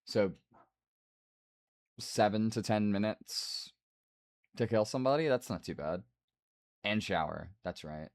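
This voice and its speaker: A man streaming a game, reading the dialogue aloud and breaking off for quick asides. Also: on the low side. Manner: reads the game's lines aloud with asides.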